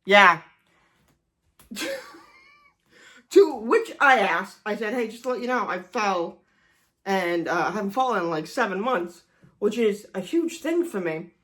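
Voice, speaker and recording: A woman's voice: mid-range voice, animated, a little slow, pauses often, a bit bright. A woman in her forties telling a personal story in a casual vlog, self-deprecating and swearing often. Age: 40s. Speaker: vlogger.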